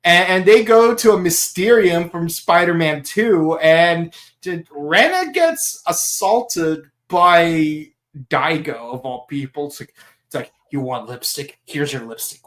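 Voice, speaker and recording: A man's voice: a little high, animated, slow pace, fairly bright tone. A man hosting a podcast in casual chat, rambling, laughing often and slipping into silly voices. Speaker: podcast host.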